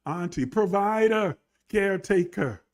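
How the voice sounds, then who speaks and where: A man preaching a livestreamed sermon, building from low talk to shouted emphasis and calling on listeners to respond. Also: expressive, a little slow. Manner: calls on online listeners to respond.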